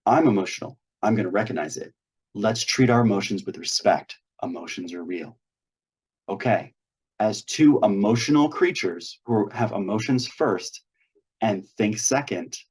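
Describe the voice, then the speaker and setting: A man's voice: on the low side, darkish tone, husky. A man hosting a weekly meetup on a video call, coaching earnestly and acting out sample dialogues. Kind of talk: instructional talk on a video call.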